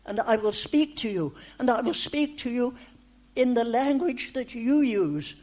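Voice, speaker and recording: A woman delivers a prophetic message in the voice of God, speaking in short, repeated, reassuring phrases. She speaks slowly, with long pauses between her words. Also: fairly high pitch, expressive, a little mellow. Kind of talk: prophetic speech in the first person as God.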